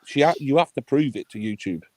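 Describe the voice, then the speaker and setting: A man's voice: medium pitch, lively intonation, fairly quick, no echo. A man hosting a livestream, ranting in a heated, sweary, blunt way. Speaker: livestream host.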